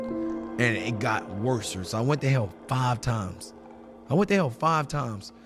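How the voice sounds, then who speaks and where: A man telling a dramatic personal story in casual talk, dropping low and hushed, then breaking into shouted quotes. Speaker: guest telling his story.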